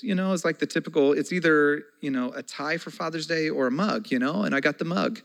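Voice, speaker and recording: A man in his forties preaching a conversational sermon as a pastor, moving between soft, slow passages and loud, excited ones. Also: fairly high pitch, gravelly, poor audio.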